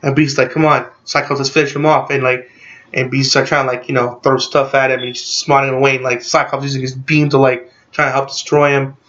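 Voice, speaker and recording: A man casually recapping a movie in a rambling, excited way, packed with "like" fillers. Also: mid-range voice, brisk, muffled recording. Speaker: movie reviewer.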